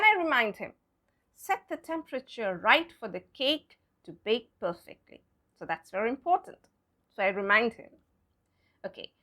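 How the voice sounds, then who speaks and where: High, lively woman teaching pronunciation. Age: adult with a son. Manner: spells words out letter by letter and models pronunciations with emphasis. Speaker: English teacher. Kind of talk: pronunciation lesson.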